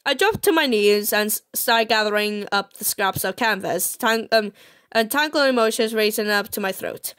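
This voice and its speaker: Woman haltingly reading a romance game aloud. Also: medium pitch, a bit bright, no echo. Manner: halting, with frequent fillers and restarts on words. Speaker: reader of a visual novel.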